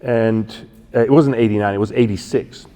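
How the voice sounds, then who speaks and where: A man in his fifties from Switzerland, telling a personal story as a guest speaker, halting and correcting himself with many fillers. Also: lowish voice, warm tone, smooth. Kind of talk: storytelling talk. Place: church event hall. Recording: long hall reverb.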